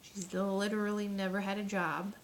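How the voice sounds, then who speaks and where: A woman's voice: medium pitch, little pitch movement, normal speed. Woman, casual motivational coach, earnest and chatty, with a faint hiss under her voice. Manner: earnest, chatty, full of fillers. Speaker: network marketing coach.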